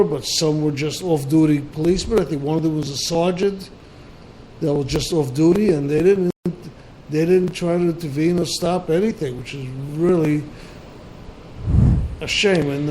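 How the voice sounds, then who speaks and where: A male talk-show host chats loosely, stumbling through fillers and circling back on his sentences. His voice sits a little high for a man. There is a faint hiss of noise behind the recording. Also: moderate pace, darkish tone, poor audio. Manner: rambling, many fillers and restarts. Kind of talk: casual call-in show chat.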